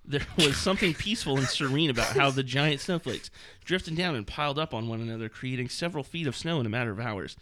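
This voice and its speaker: Male host, bright tone, casual, mock-reads passages with laughs and fillers. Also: mid-range voice, quick pace, few pauses. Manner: mocking, laughing while reading, many fillers. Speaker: podcast host reading a book aloud. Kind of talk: casual chat, reading passages aloud.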